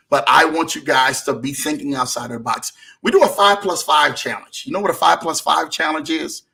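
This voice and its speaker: A man's voice: a little high, pushed and bright. A man hosting a motivational broadcast, exhorting listeners in a repetitive, preaching rhythm. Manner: repetitive, rising and falling exhortation. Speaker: motivational show host.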